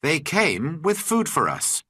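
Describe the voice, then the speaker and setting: Slow, expressive male storyteller. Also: a little high, no echo, studio quality. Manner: slow, clear, expressive reading. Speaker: audiobook narrator. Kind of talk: scripted storybook narration for learners.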